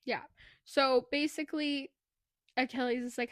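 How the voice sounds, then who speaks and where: A woman co-hosting a book podcast, chatting casually and animatedly as she retells a story, with plenty of swearing. Her voice sits a little high, and the recording is dry and close, with no room sound. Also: moderate pace, a bit bright, no echo. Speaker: podcast co-host. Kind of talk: casual book review chat.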